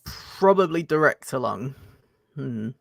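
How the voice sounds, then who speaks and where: A young man answering quick questions in a casual chat, with short replies and soft laughs. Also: medium pitch, expressive, creaky, no echo. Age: young adult. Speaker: guest reviewer.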